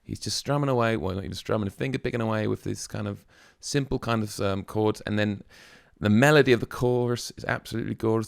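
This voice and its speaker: A man's voice: fairly low pitch, brisk, gravelly, no room sound, clean studio sound. A man hosting a music reaction video, musing aloud in a casual, chatty way with plenty of fillers.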